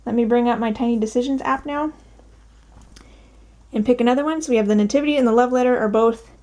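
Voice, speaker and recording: In her daughter's bedroom, an out-of-breath woman shows off her cross-stitch projects in a casual show-and-tell vlog, upbeat and full of ums. Her voice is a little high, quick, and slightly mellow.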